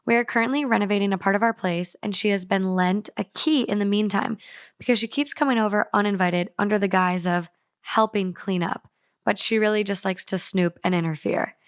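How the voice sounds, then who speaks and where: A woman co-hosting a casual podcast, reading a story aloud in a brisk, playful way. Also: medium pitch, clear, resonant tone, no echo, studio quality. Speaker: podcast co-host.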